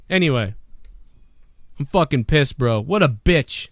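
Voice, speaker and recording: A man hosting a live-streamed talk show, ranting profanely and swinging between a low grumble and loud shouting. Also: lively intonation, a little slow, pauses often, no echo. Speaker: podcast host.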